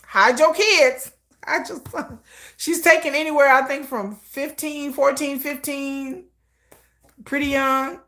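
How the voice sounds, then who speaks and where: A woman hosts a livestream with a fairly high voice, giving casual commentary. She talks bluntly and with emphasis, dropping slang and profanity and laughing often. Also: fairly even intonation, takes it slowly, fairly bright tone. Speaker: livestream host.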